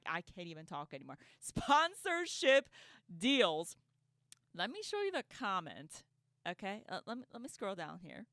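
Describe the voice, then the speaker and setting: A woman giving casual reaction commentary, sarcastic and quick to laugh, stumbling over repeated words as she rants. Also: mid-range voice, bright, forceful tone, clear, resonant tone, no echo, clean studio sound. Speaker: online commentator.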